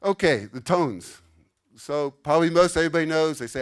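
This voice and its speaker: A man's voice: fairly high pitch, brisk, clear, resonant tone. Older man giving a casual lecture. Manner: casual, explanatory, keeps checking with "okay?". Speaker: conference speaker. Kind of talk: lecture to a live audience. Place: conference room.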